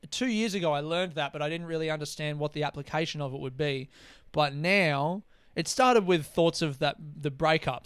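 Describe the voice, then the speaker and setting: A man's voice: on the high side, fairly bright tone, clear, resonant tone, dry recording. A young man, a comedian hosting his own podcast, talking in a rambling, candid way with lots of swearing. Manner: rambling, candid, swears freely, mimics voices for comic effect. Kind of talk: casual solo podcast monologue.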